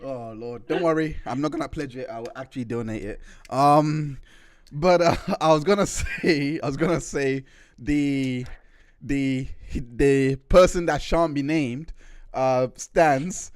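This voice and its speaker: A man's voice: mid-range voice, a little slow, clean tone, no echo, studio quality. A man hosting a livestream, joking and laughing and sometimes swearing mildly. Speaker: livestream host. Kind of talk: reaction livestream commentary.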